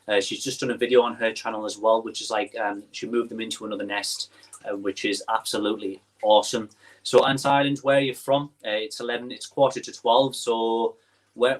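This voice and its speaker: A young man with a Teesside accent, hosting a casual livestream and chatting while he reads viewer comments aloud, with lots of ums and restarts. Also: lowish voice. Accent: Teesside English. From northeast England. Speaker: livestream host.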